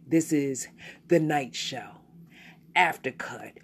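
A woman hosting her own podcast, delivering a blunt, profane, animated solo rant. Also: low-pitched, normal speed, slight background noise. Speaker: podcast host.

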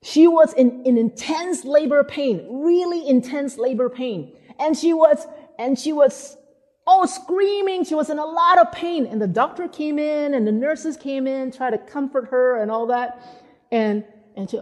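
A woman's voice: high-pitched, a little slow. A woman preacher giving a sermon, telling stories and acting out the people she quotes. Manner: animated storytelling, acting out quotes. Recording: hall reverb.

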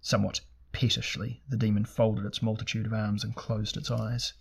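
A man reading a fantasy novel aloud in a measured, steady storytelling manner. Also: lowish voice, vocal fry, slightly rough. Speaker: audiobook narrator. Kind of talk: scripted fantasy narration.

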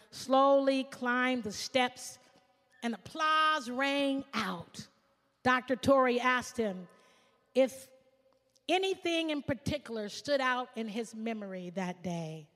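A woman pastor preaching a sermon, swinging from shouts to hushed asides. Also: a little high, slow, long reverb tail.

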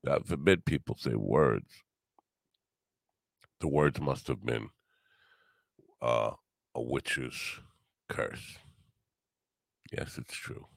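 A man's voice: extremely low pitch, very slow, creaky, pauses often, no room sound, clean studio sound. A tired man, rambling through a wisecracking, sarcastic solo podcast monologue as its host. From New York.

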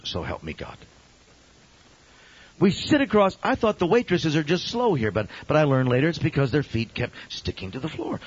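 Husky, animated male pastor preaching. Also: medium pitch. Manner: dramatic, swings from loud exclamations to hushed near-whispers. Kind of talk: storytelling sermon. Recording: dull lo-fi sermon recording.

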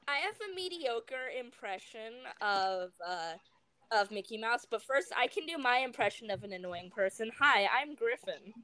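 A woman's voice: on the high side, lively intonation, a little slow, a bit bright. A woman co-hosting a podcast in casual chat over a video call, bubbly, giggly and scattered. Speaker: podcast co-host.

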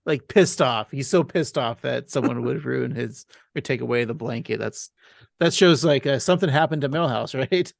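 Podcast co-host, male, gravelly and rambling, recorded dry. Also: medium pitch, moderate pace, no room sound. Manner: rambling, laughs often. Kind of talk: casual chat and episode recap.

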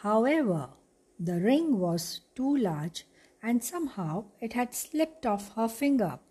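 Woman reading a kids' bedtime story, slow and calm, soft breathy mellow voice. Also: fairly high pitch.

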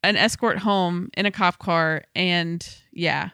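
A woman telling a wild story in casual podcast chat, animated and full of "like". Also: on the low side, slow pace, creaky, smooth, dry recording, clean studio sound.

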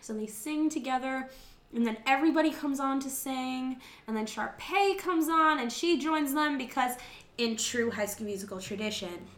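A high, bright woman chatting casually, she laughs a lot and acts out each character's lines as she retells the story. Her voice rings in an echoey room. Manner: laughing, animated, acts out lines and sings snatches. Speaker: co-host recapping a movie. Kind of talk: casual chat.

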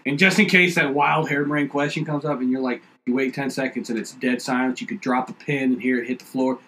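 A man's voice: mid-range voice, fast talker, poor audio. A man in casual podcast chat, telling rambling, profane stories and acting out other people's lines. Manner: rambling, profane storytelling with animated quoted outbursts.

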